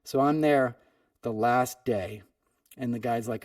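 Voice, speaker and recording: A male podcast host tells a long personal story in a loose, conversational way, dotting his sentences with "you know" and "right?". The sound is dry and flat, and he sits a bit back from the mic. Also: mid-range voice, takes it slowly, long pauses, no room sound, recorded from a distance. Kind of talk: storytelling monologue.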